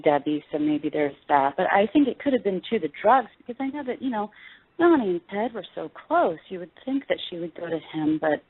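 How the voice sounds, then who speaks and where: A woman's voice: fairly low pitch, sing-song, brisk, breathy edge, no room sound. A woman in her forties, an interview guest chatting casually, laughing often and searching for her words. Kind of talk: casual chat. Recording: tinny phone line.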